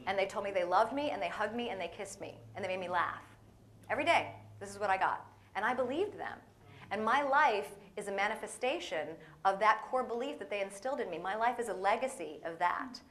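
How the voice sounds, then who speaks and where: Animated woman telling stories from the pulpit. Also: mid-range voice, brisk. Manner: animated, playful, acts out voices in stories. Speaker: guest speaker. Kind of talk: comedic sermon storytelling. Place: church hall with audience.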